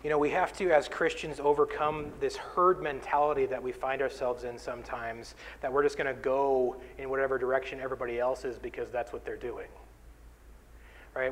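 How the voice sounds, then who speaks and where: A man's voice: medium pitch, fairly even intonation, fairly quick. A man pastor preaching an earnest sermon, speaking directly to the congregation in a church hall.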